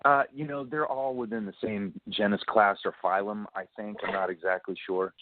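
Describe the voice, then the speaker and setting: A man on a radio talk show, telling a story in a chatty, animated way, acting out what people said and laughing often. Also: on the low side, moderate pace, dry recording. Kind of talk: casual phone-in storytelling. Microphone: telephone. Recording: tinny phone line.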